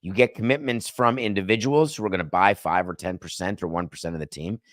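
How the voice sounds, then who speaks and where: Sports show host guy, lowish voice, wry rambling chat, punches words up high now and then, dry sound. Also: fast, fairly bright tone, no echo. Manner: chatty, wry and digressive, with sudden lifts in pitch for emphasis. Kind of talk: solo sports podcast monologue.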